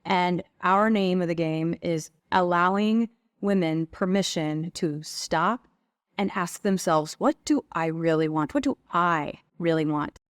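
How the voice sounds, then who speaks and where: A woman's voice: fairly low pitch, no echo, clean studio sound. A woman guest who leads women's retreats, speaking in a flowing, earnest, reflective way with frequent filler words. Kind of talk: reflective conversational coaching talk.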